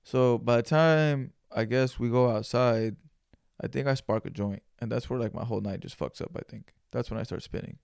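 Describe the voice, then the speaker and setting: Gravelly, laid-back young man. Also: medium pitch, normal speed, a little mellow, dry recording, studio quality. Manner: loose and profane, laid-back slang. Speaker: podcast host. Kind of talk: solo casual storytelling.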